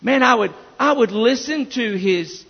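A man's voice: extremely high pitch, animated, unhurried, creaky, breathy edge. A male pastor delivering an emphatic sermon, often restarting his phrases as he builds each point. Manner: emphatic preaching with repeated restarts. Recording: dull reverberant church recording.

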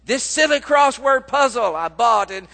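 A man voicing a sweet older white-haired mother who is frantic and near tears, talking high and rushed. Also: expressive, pushed and bright, long reverb tail, full character voice. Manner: high, agitated, rushing.

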